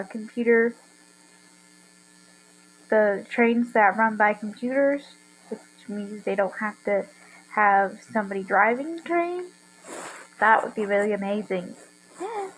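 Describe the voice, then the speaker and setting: A woman's voice: on the high side, poor audio. A young woman with an earnest, rambling way of talking, hosting a casual solo monologue. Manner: rambling, earnest, enthusiastic ranting. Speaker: podcast host.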